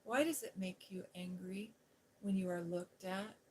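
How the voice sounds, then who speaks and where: A woman voicing a prickly young girl in a storybook, close to her own soft voice. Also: mid-range voice, a little slow, a little hiss or hum, natural voice. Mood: blunt, curious.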